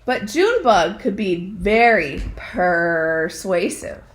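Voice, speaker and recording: A woman at home reading a children's picture book aloud, telling the story in an animated, expressive way. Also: medium pitch, takes it slowly, poor audio. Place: home with dogs nearby.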